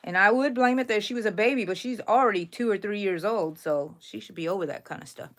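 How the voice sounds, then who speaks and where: A middle-aged woman hosting a live crochet stream, chatting with viewers and counting her stitches aloud softly. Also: medium pitch, quick pace. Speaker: crochet channel host.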